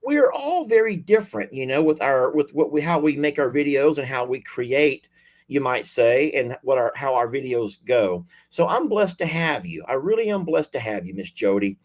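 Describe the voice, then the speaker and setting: A man's voice: medium pitch, big pitch swings, moderate pace. Guy hosting a live stream, folksy and gushing, voice bouncing all over. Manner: folksy, effusive, lots of y'all and sweetie. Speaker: livestream host. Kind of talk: casual chat with callers.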